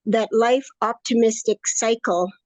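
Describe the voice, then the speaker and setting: Here a woman in her late sixties, interviewed as a course student, talks cheerfully and rambles in casual conversation. Her pitch sits fairly high and she speaks a little slowly, on a low-quality recording without echo.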